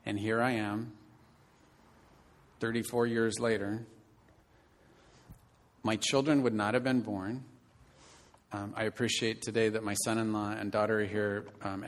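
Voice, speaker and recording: A man in his fifties preaching a sermon, telling a personal story earnestly and moving between loud emphatic lines and quiet ones. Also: lowish voice, little pitch movement, measured pace, pauses often. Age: 50s. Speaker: pastor.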